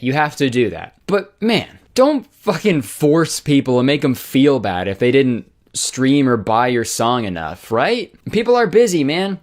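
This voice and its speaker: A man in his twenties doing comedic commentary, sarcastic and swearing, with exaggerated mock outrage. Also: medium pitch. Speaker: commentary YouTuber.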